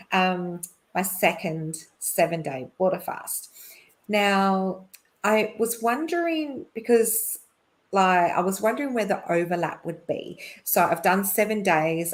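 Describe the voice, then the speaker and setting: A middle-aged woman, a podcast guest, telling a personal story in a chatty way, with lots of fillers and quick laughs. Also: mid-range voice. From Australia. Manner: chatty, laughs often, many fillers and restarts.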